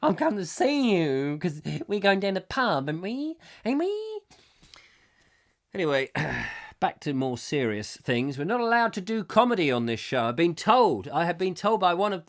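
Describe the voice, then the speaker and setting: Middle-aged male comic host, bright high-ish voice, rambling and playful, slips into silly voices. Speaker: comic chat show host. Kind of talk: live comic monologue reading viewer comments.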